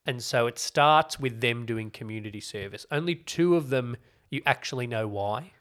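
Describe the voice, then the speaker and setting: Casting: male podcast co-host, mid-pitched, chatty and wry, casual TV review talk. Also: normal speed, fairly bright tone. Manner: chatty, explaining at length with wry asides. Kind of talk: casual chat reviewing TV shows.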